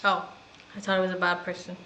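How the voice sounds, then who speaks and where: A woman's voice: lowish voice, monotone, fast talker, heavy background noise. A woman chatting casually and giggling as she plays a video game. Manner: chatty, giggly, self-mocking. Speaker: gaming streamer. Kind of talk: casual gameplay commentary.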